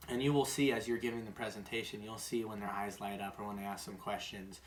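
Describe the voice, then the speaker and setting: A man's voice: lowish voice, level tone, fast talker, a little hiss or hum. A man giving a casual sales training talk who keeps checking in with "right?". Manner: conversational, tags sentences with "right?". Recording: roomy echo, distant mic, faint ambience.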